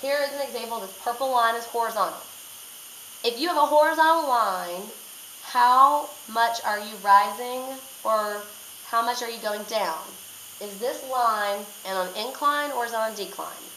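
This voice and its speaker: A woman's voice: on the high side, moderate pace, pushed and bright. A woman teacher talking through a recorded math lesson step by step, repeating key points. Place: classroom. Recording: echoey room, faint noise.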